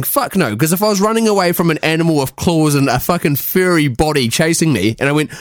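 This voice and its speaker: A man's voice: a little high, fast talker, hardly any pauses, dry recording, studio quality. A man from New Zealand with a New Zealand accent, hosting a podcast in jokey casual chat. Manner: jokey, animated banter.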